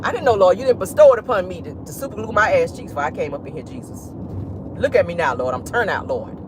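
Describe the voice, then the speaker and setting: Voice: medium pitch, animated, quick pace, close to an everyday voice. A vlogger voicing a desperate jailed man crying out to the Lord in a wailing, pleading prayer. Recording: noisy car interior.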